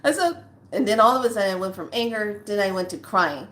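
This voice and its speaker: A woman's voice: medium pitch, animated, fast talker, fairly bright tone. A woman in her sixties telling a personal story to her viewers in a chatty, blunt, earthy way, calling them lovelies. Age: 60s. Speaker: spiritual vlogger. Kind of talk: casual storytelling to camera.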